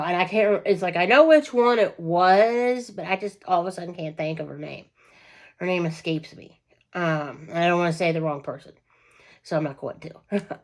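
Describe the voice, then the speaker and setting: A woman chats to her camera in a loose, digressive way, circling back and correcting herself as she goes. Her voice sits on the lower side for a woman, and she drops in small laughs and plenty of fillers. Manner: rambling and digressive, many fillers and self-corrections; chatty, with frequent small laughs. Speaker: vlogger. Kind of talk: casual personal storytelling.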